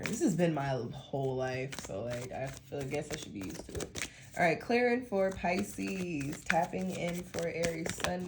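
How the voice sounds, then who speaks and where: A woman's voice: on the low side, creaky, very noisy. A woman giving a casual monthly tarot reading to her viewers, chatty and rambling, with a stuffy nose from allergies. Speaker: tarot reader.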